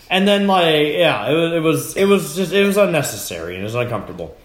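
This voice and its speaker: A man's voice: on the high side, very animated, quick pace, few pauses, echoey room. A man hosting a podcast, telling stories in casual chat, rambling and swearing a lot. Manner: rambling, profane storytelling. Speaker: podcast host.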